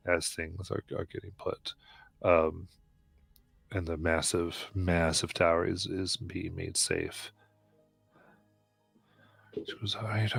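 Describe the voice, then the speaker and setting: A man narrating a tabletop game as game master, halting often with ums and uhs on a live stream. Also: low voice, vocal fry, dry recording.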